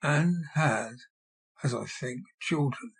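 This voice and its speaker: A man voicing a solemn male ghost who speaks in a hushed, grave way. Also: mid-range voice, slow pace, vocal fry, slightly rough, full character voice.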